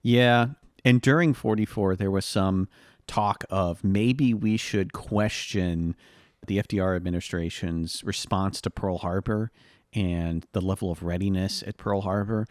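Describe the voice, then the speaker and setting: Chill dude co-hosting a history podcast, lowish voice, lots of uh and um, dry mic. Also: male voice, steady tone, unhurried, a little mellow, dry recording. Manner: easygoing, chuckling, filler "uh" and "um". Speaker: podcast co-host. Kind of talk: casual history chat.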